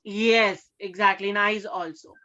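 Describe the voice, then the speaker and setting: A woman science teacher giving a classroom lecture, often pausing to check in with her students and repeating key terms. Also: mid-range voice, steady tone, bright, forceful tone, highs cut off. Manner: keeps checking with questions, repeats key words.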